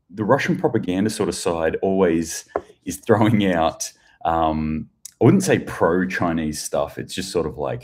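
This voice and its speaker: A man's voice: deep voice, a little mellow. An Australian man giving casual news commentary, rambling and chatty, with crude jokes and plenty of fillers.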